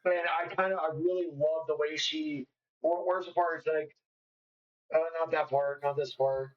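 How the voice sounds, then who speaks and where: A man's voice: fairly high pitch, steady tone, moderate pace, muffled recording. A man co-hosting a podcast, chatting enthusiastically and rambling with restarts. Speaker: podcast co-host. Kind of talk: casual chat.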